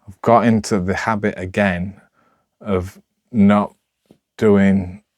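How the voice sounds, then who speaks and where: A man with a Sheffield accent talking unscripted to camera, rambling and halting with lots of restarts, in a rough, broad way of speaking. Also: on the low side, little pitch movement, no room sound. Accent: Sheffield, Yorkshire. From Sheffield, England. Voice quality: rough, broad local speech. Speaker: vlogger.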